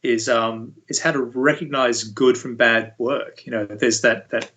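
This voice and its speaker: A man speaking as an interview guest, a university VFX lead explaining things in a relaxed, conversational way. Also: medium pitch, a little slow, dull audio. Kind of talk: casual interview chat.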